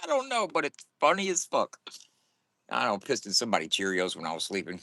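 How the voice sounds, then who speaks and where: A man's voice: mid-range voice, wildly swooping pitch, fairly quick, vocal fry, bright, forceful tone, no room sound, clean studio sound. A man talking casually to camera in a morning vlog, boisterous and profane and laughing often. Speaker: vlogger.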